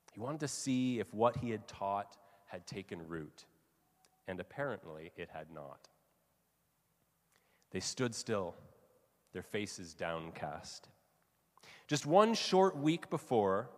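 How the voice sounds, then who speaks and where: A man preaching a sermon, reading a story aloud and telling it with lively, casual asides. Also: medium pitch. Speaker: pastor. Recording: long reverb of a large hall.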